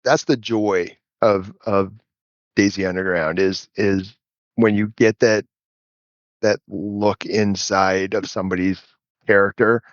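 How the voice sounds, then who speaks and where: A man as an interview guest, telling stories in a relaxed, rambling way and chuckling often. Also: lowish voice, takes it slowly, dry recording, lo-fi sound. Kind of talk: casual storytelling chat.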